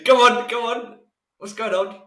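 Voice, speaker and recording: A man's voice: extremely high pitch, steady tone, moderate pace, background noise. A man co-hosting a live race stream, joking and laughing along in banter. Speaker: race co-host. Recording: echoey room.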